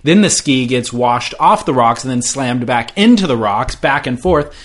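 A man's voice: mid-range voice, lively intonation, normal speed. A man co-hosting a podcast, recounting stories in casual chat with wry, teasing remarks. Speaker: podcast co-host.

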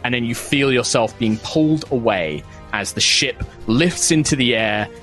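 A man narrates a tabletop role-playing game as its game master. His voice sits at an ordinary middle pitch. He talks loosely and casually, full of ums and little laughs. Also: normal speed, a bit bright, soft background music. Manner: chatty, many fillers, laughs at own lines.

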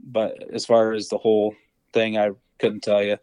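A man's voice: fairly low pitch, completely flat delivery, normal speed, darkish tone, no echo, rough recording. A young man, a podcast guest, telling a hunting story in a rambling casual way, full of fillers and acted-out quotes. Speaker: podcast guest, deer hunter.

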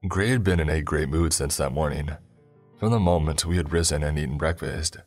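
A man giving a somber, measured scripted horror narration. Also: very deep voice, soft background music.

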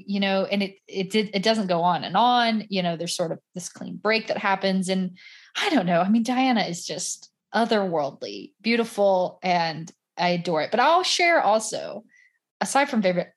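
A woman in casual podcast chat, telling stories in a chatty, animated way with many fillers. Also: mid-range voice.

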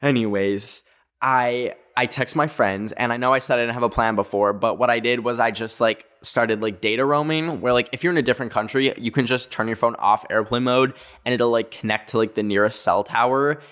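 Man, twenties, casual storytelling, rambling, lots of "like", animated. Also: medium pitch, fairly quick. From Canada. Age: 20s. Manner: rambling, animated, full of filler "like".

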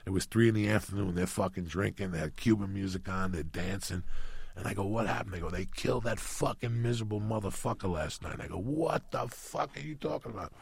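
A man from New Jersey, a comedian guest, telling a profane story loudly and animatedly, acting out the voices of others. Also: deep voice, fast, vocal fry, slightly rough, no echo. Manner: loud, swearing, animated, re-enacts voices.

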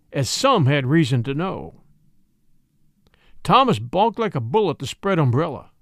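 Guy reading an old story out loud, super expressive, dry close sound. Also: a little high, no room sound. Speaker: narrator.

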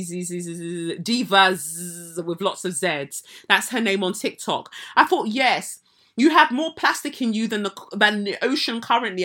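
A woman hosting a podcast, giving opinionated, sarcastic commentary on celebrities in an animated rant. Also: medium pitch. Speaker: podcast host.

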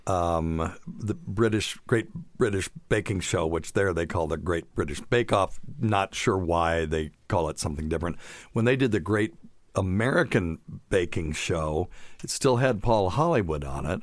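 A man's voice: deep voice, measured pace, dry recording. A middle-aged man co-hosting a casual medical podcast, chatty and jokey as he reads from his notes. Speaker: podcast co-host, doctor.

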